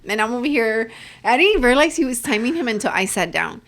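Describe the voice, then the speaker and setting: A woman co-hosting a podcast in casual chat, telling a family story with lively acted-out dialogue and Spanish phrases mixed in. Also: fairly high pitch, brisk. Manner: animated storyteller who acts out dialogue and mixes in Spanish. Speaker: podcast co-host; mother.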